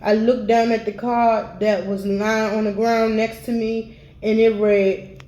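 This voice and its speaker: A woman reading a first-person memoir aloud in a steady read-aloud manner. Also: a little high, measured pace, reverberant, poor audio. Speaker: audiobook reader.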